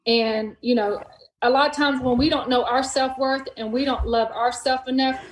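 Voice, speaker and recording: A woman hosting a podcast in casual chat, warmly affirming her guest and chiming in often. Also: high-pitched, steady tone, normal speed. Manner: affirming, interjects with "wow" and "yeah". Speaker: podcast host. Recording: echoey room with faint noise.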